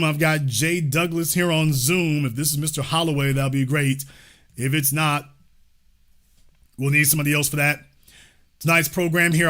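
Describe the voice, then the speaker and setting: Male livestream host: sarcastic and mocking, with a bright, forceful voice. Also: a little high. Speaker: livestream political show host. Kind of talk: livestream commentary.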